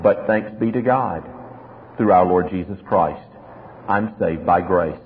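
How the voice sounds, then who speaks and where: A man's voice: deep voice, unhurried, a little hiss or hum. A male pastor preaching an expository sermon, asking rhetorical questions and acting out little dialogues. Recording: tinny lo-fi sermon recording in a reverberant hall.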